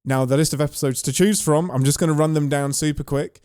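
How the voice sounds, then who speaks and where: A man co-hosting a podcast in casual chat, enthusiastic and quick to laugh. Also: fairly high pitch, steady tone, mellow, clear, resonant tone, dry recording, studio quality. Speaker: podcast co-host.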